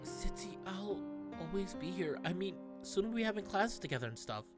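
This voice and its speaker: A woman reading the lines of a gentle young student from a game who comforts a friend in a soft, hushed voice. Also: mid-range voice, lively intonation, normal speed, over music, voice pushed up, close to an everyday voice. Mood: reassuring.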